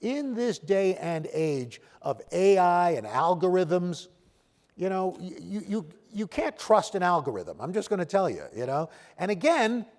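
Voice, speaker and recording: A man giving an off-the-cuff conference speech, halting and self-deprecating, often restarting his sentences. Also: high-pitched, big pitch swings, darkish tone. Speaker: keynote speaker at a panel event. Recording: long hall reverb.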